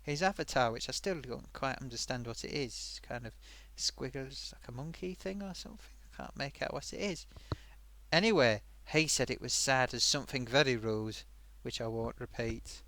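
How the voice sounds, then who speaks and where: A man's voice: medium pitch, lively intonation, moderate pace, bright, forceful tone. A man voicing a cheeky male sock puppet host, reading viewer comments in a chatty way full of oofs and sighs. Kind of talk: live-stream chat.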